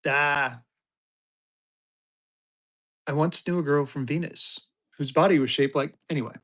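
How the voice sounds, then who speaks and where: A man in his fifties running a live-stream auction, talking fast and joking through his patter. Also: on the high side. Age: 50s. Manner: energetic, joking, drawling "y'all" asides.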